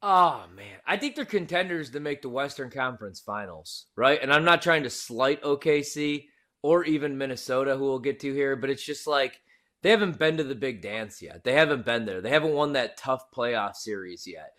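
A man's voice: medium pitch, lively intonation, moderate pace, pushed and bright. A man co-hosting a sports podcast who gives his opinions in a casual, slangy way. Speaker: podcast co-host.

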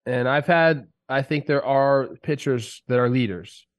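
A man's voice: mid-range voice, unhurried. Heated, ranting man on a sports podcast. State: sick. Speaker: podcast co-host, former player. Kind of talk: casual sports talk. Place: podcast studio.

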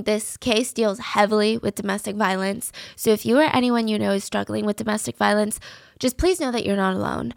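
A woman's voice: medium pitch, creaky, no room sound, studio quality. Chatty young woman true crime host. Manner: chatty, conversational asides. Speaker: podcast host.

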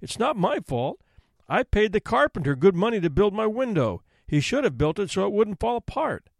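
A man's voice: high voice, sing-song, normal speed, creaky, no room sound, clean studio sound, voice pushed up, full character voice. A man voicing a timid, frightened homeowner pleading before a judge in a folk tale. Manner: pleading, nervous.

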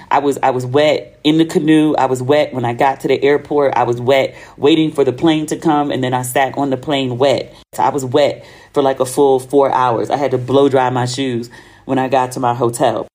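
A woman's voice: very deep voice, steady tone, normal speed, darkish tone. An American woman hosting her own podcast, telling travel stories in a chatty, slangy way and acting out the dialogue. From United States. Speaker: podcast host. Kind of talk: casual solo podcast monologue.

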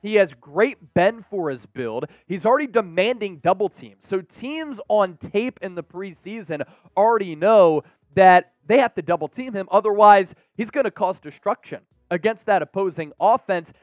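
A man hosting a football analysis show, talking with energetic hype straight to the fans. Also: sits high, normal speed, dry recording. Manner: energetic and hyped, addresses the fans directly. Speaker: sports show host.

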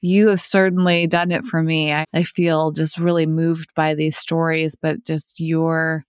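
A woman hosting a podcast, speaking to her guest in a sincere, measured and appreciative way. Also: sits low, level tone, clean tone, no room sound, studio quality. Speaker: podcast host. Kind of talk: interview conversation.

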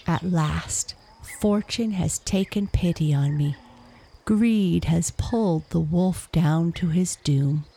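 A woman's voice: lowish voice, creaky, warm tone, husky, heavily acted. A woman voicing a cunning, cruel male fox who mocks and gloats over his trapped friend. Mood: jeering. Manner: jeering, drawn-out taunts.

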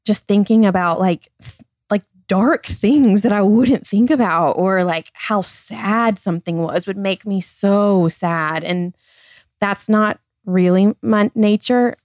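A woman's voice: medium pitch, slow, darkish tone, no echo. A woman in her thirties speaks as a podcast guest in an open, earnest way. She leans on "like" and "I feel like" as she talks. Her voice is recorded close, with no room sound. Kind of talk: candid personal conversation.

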